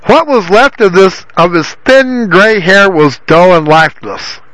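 A man's voice: high voice, animated, unhurried, a bit bright, no echo, rough recording. A male radio host rambling in casual talk and reading a comic story aloud. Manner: rambling, repeating himself.

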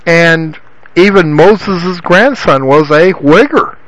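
High-voiced man giving rambling Bible teaching. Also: slow, fairly bright tone, no echo, rough recording. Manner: rambling, repeats himself with many restarts and "you know".

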